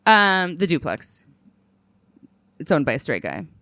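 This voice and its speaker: Woman comedian, lively swooping voice, blunt and profane, laughs a lot, dry close sound. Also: sits low, measured pace, dry recording. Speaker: comedian guest. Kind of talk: casual podcast chat.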